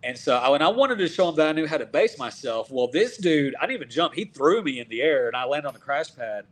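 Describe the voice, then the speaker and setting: A man from Texas, a wrestler in his thirties, telling stories in a casual, animated way and acting out what people said. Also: a little high, fast. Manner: animated, acts out quoted dialogue. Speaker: professional wrestler guest. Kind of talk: casual storytelling.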